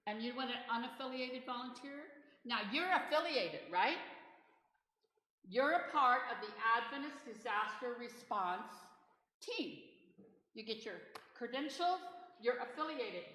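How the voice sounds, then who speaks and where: A middle-aged woman working as a disaster response trainer leads a church training session in an echoey hall whose reverb trails on long. Her voice is bright, forceful and slightly high, with lively intonation at a measured pace, and she chats freely, drifting into stories and asides.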